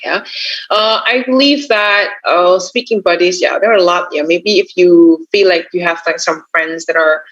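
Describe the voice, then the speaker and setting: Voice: medium pitch, steady tone, normal speed, a bit bright. A tutor with an Indonesian accent giving casual exam tips, often tacking on "yeah" and "you know". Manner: chatty, tacks on frequent "yeah" and "you know". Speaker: English test tutor. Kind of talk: casual teaching talk. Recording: dull lo-fi recording.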